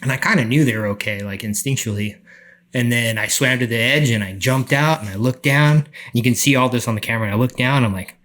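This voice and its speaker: A middle-aged man telling a story on a podcast, animated, acting out the people he quotes. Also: mid-range voice, quick pace. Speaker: podcast guest. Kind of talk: casual storytelling.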